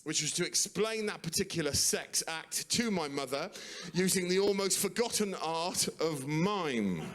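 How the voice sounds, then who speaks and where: A man, performing a stand-up routine with shouted outbursts. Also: a little high, expressive, a little slow. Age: 40s. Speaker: stand-up comedian.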